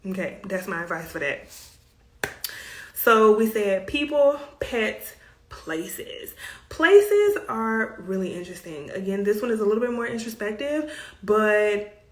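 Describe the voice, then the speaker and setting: A woman with a Southern US accent hosts a casual self-care talk, chatty and emphatic with playful asides. Her voice sits at an ordinary middle pitch. The room around her rings with audible echo. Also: expressive, unhurried. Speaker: self care coach and host. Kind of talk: casual advice monologue.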